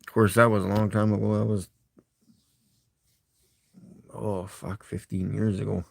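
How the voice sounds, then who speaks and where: A man's voice: fairly low pitch, flat delivery, unhurried, gravelly, dry recording. A middle-aged man with a Canadian accent, rambling and chuckling as he chats casually with his live-stream viewers. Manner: rambling, chuckling, talks to chat.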